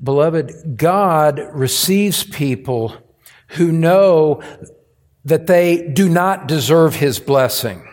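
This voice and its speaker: A man preaching a sermon as pastor, earnest and emphatic, with deliberate phrasing that presses each point home in a church. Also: a little high, animated, a little mellow.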